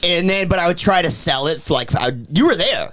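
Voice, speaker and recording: A man's voice: high-pitched, lively intonation, a little fast, heavy background noise. A young man telling an offhand, joking story in a casual podcast chat.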